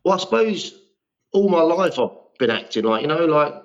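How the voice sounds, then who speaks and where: A man's voice: fairly high pitch, animated, moderate pace, lo-fi sound. A man in his fifties, a guest actor telling rambling, self-deprecating stories in a casual interview. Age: 50s.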